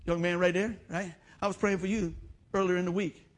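A man's voice: sits high, level tone, fairly quick. A middle-aged man preaching a sermon in church, telling folksy stories and acting out the voices he quotes. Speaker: pastor.

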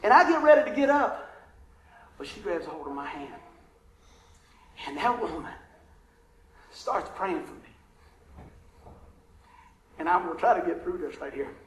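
A man with a high voice tells a story from the pulpit, folksy and heartfelt, asking the crowd for an amen now and then. His voice rings out in a roomy, echoing hall. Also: very animated, measured pace, long pauses, slight background noise. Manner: emotional, conversational, Southern-tinged storytelling with asides to the congregation. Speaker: preacher. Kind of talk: storytelling sermon.

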